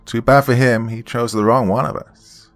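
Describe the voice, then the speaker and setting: A man's voice: medium pitch, steady tone, moderate pace, pitched above the performer's own voice, lightly acted. A man doing a mocking young woman. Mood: teasing. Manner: mocking, laughing. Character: teasing young woman friend.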